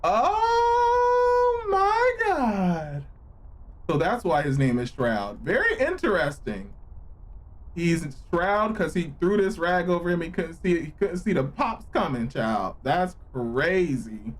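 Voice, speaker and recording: A man streaming a game live, reacting with loud, profane exclamations and joking with his chat in slang. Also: fairly high pitch, very animated, measured pace. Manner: slangy, playful banter with chat. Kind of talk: live gameplay reaction commentary.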